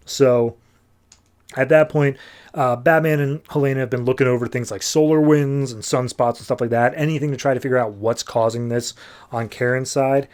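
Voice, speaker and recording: Brief: male podcast host, middle pitch, rambling casual recap with quick voices. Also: steady tone, a little mellow. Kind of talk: casual comic book recap.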